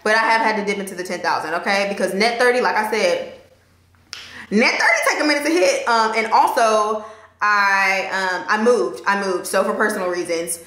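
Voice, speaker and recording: A woman's voice: mid-range voice, sharp tone, roomy sound. A young adult woman talking candidly to camera in a vlog, emotional and chatty, laughing at times. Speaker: vlogger. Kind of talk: casual talk to camera.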